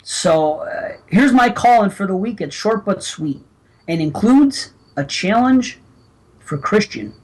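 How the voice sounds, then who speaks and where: A man's voice: sits high, animated, slow, breathy edge. A man hosting a podcast in casual chat, stammering through restarts and chuckling as he goes. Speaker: podcast host.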